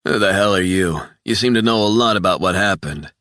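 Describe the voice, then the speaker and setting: A man's voice: low-pitched, fairly quick, fairly bright tone, no room sound, studio quality. A man putting on a heated burly ex-cop. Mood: suspicious. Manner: profane, heated, raised voice. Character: burly red-faced ex-cop man, emotional, angry.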